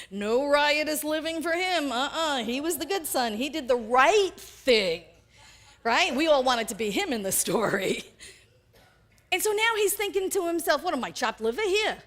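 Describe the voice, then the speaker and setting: A woman pastor delivering a sermon in an animated way, acting out the quoted characters as she goes. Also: high voice.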